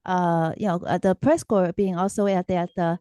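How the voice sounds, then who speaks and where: Female radio interviewer; warm, dark tone, halting delivery with uh's. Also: lowish voice, steady tone, smooth, dry recording, studio quality. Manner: hesitant questions with many fillers. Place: radio studio.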